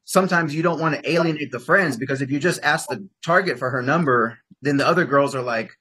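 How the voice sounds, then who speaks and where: A male dating coach with a bright, forward tone and a slightly husky edge, speaking a little higher than most men. He rambles in an animated way, filling his talk with "like" and acting out the lines he suggests. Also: quick pace. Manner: acts out example lines in bursts of higher pitch. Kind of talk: casual coaching session.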